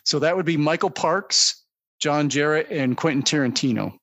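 A man's voice: fairly high pitch, normal speed, fairly bright tone, no room sound. Man listing cast in dry close sound. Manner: methodical, runs through cast lists. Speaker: podcast co-host. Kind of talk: casual movie discussion.

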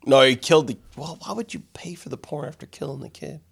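A man's voice: on the high side, fast talker, vocal fry, fairly bright tone, slightly rough. A man co-hosting a comedy podcast, jumping in with crude quips and interruptions. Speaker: podcast co-host. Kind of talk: casual comedic podcast banter.

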